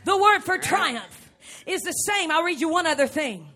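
A woman preaching a lively sermon to a congregation, often shouting and acting out little scenes. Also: very high voice, moderate pace. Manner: animated, shouting, acts out scenes. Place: church before a live congregation.

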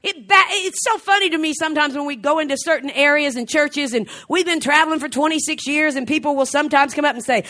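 A middle-aged woman preaching a fervent sermon, swinging from soft, slow passages to shouted exclamations and frequent laughter. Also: high voice, animated. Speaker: traveling preacher.

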